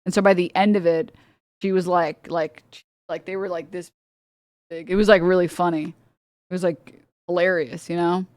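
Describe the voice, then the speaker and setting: A woman's voice: on the low side, little pitch movement, normal speed, pauses often, a little mellow, no echo. A woman streamer ranting casually, rambling with lots of "like", swearing and laughing often. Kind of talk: casual livestream rant. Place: home streaming setup.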